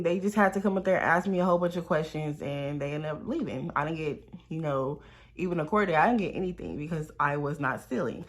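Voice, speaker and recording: A woman's voice: fairly low pitch, fairly quick. A young woman, telling a storytime vlog in a loose, swearing, talk-to-the-viewers way. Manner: lively, talks straight to viewers, swears freely. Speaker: vlogger. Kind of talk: casual storytime.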